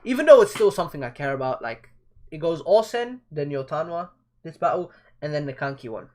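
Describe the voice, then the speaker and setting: Young guy reading manga live, kinda high voice, slangy jokey reactions. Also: sing-song, brisk, a little mellow. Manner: casual, joking, slangy asides.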